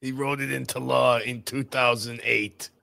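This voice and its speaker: A man's voice: medium pitch, little pitch movement, measured pace, creaky, pushed and bright, no room sound. A man co-hosting a casual livestream, chiming in with short, laid-back remarks and chuckles. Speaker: co-host.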